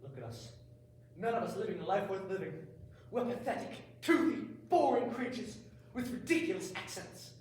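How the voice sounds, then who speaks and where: A woman's voice: medium pitch, very animated, moderate pace, a little mellow, slight background noise, natural voice. A woman acting as a morbid drunken man who grumbles and swears, in an amateur stage comedy. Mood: scornful. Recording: echoey hall, from far off.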